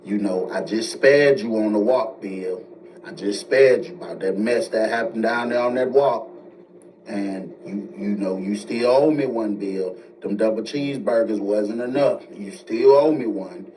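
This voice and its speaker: A man voicing a middle-aged male prison deputy warden who talks slowly and deliberately, a little lower than his own voice. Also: warm tone, recorded from a distance, slight background noise, close to an everyday voice, rough recording. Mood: low, pleading. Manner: slow, drawling, deliberate.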